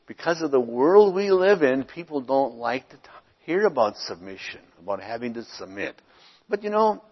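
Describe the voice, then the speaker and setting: A middle-aged male pastor preaching from the pulpit, reading scripture slowly before unpacking it in plain, informal talk. His voice has a breathy, husky edge, and it carries a long reverb from the church around him on a dull, muffled recording. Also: on the high side. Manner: reads scripture deliberately, then explains in an informal, conversational way. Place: church sanctuary.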